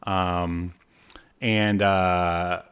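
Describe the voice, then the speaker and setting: A man's voice: deep voice, flat delivery, extremely slow, smooth, highs cut off. Rambling wry man hosting a podcast. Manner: rambling, many "uh" and "um" fillers, wry asides. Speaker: podcast co-host. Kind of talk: casual chat recapping a cartoon.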